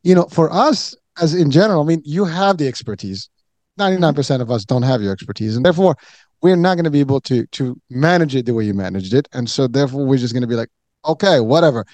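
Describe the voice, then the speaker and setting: A man's voice: medium pitch, animated, fast, a little mellow, dry recording. A man hosting an interview, asking long questions full of restarts and fillers. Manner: rambling, many restarts and fillers. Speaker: interview host.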